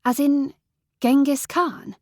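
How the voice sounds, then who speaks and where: A woman's voice: fairly high pitch, animated, a little slow, darkish tone, no echo, studio quality. Woman voicing an anxious, curious young woman.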